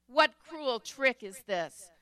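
A woman voicing an emotional father who bursts out loudly, in a storybook reading. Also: high-pitched, animated, takes it slowly, clear, resonant tone, no room sound, voice pushed up, heavily acted. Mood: anguished. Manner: loud, emotional outbursts. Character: emotional, overjoyed then stricken father.

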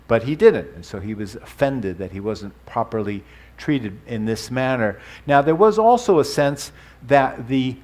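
A man preaching a sermon to his congregation, explaining terms as he goes and adding light asides. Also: mid-range voice. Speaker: pastor.

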